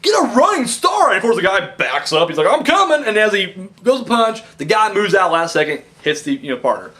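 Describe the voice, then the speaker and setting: Animated, profane man reviewing wrestling. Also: high-pitched, brisk. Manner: rambling, animated, profane, acts out wrestlers' lines. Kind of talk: casual commentary.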